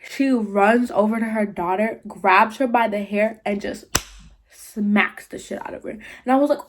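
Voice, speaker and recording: A young woman vlogger retelling a party story in casual slangy talk, full of "like", with animated jumps into quoted voices. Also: a little high, moderate pace. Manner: slangy, filler-heavy, 'like' often.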